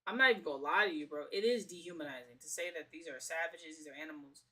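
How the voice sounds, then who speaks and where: Bright, heated New streamer woman. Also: low-pitched, quick pace. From The Bronx, New York. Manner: heated, profane, slangy, repeats phrases. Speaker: streamer host. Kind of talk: casual reaction commentary.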